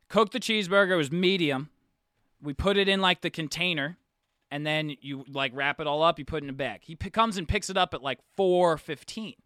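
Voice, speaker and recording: A man's voice: on the high side, dry recording, clean studio sound. A young man on a podcast, casually telling a story and acting out the people in it, with the odd swear. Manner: animated storyteller, acts out quotes, swears casually. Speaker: podcast co-host.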